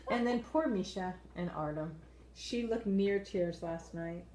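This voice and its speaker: A woman co-hosting a casual dance-show review, measured and agreeable, steering the talk. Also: lowish voice, dark tone, reverberant, poor audio.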